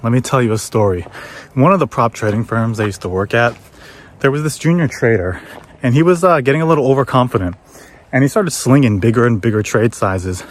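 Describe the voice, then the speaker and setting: Man telling a story on a hike. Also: brisk. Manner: animated, acts out quoted voices in high pitch. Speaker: former trader telling a story. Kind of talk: casual storytelling while hiking. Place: outdoors on a forest trail.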